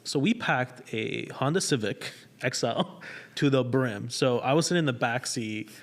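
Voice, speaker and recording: A man chatting casually in a studio, relaxed and a little hesitant, laughing as he talks. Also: medium pitch, a little slow. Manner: laid-back, hesitant with fillers, laughs while talking. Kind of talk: casual chat.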